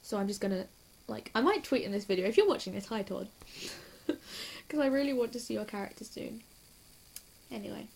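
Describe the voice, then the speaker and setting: A young woman chatting casually and excitedly about a TV episode, giggly and hyper, gushing and rambling from scene to scene. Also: medium pitch, creaky, breathy edge. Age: young adult. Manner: hyper, giggly and quick to gush. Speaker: TV reaction vlogger. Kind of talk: casual rambling reaction chat.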